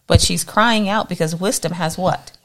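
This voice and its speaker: A woman leading a morning Bible study, teaching with animated energy and acting out voices in her quotes. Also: on the low side, moderate pace.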